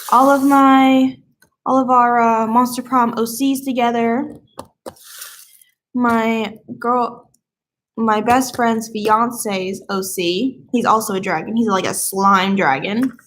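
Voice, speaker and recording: A woman's voice: on the high side, slight background noise. A young woman with a slight Southern accent, chatting casually on a live stream, rambling and easily sidetracked. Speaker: livestreamer.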